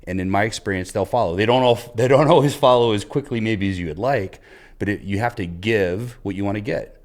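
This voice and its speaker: A man's voice: fairly low pitch, brisk, darkish tone. A man on a podcast giving earnest coaching advice, retelling a conversation he had. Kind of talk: casual advice talk.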